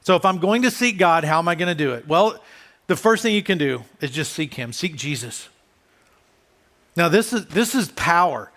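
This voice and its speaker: A man, a pastor, preaching a conversational sermon who often drops soft and low for emphasis.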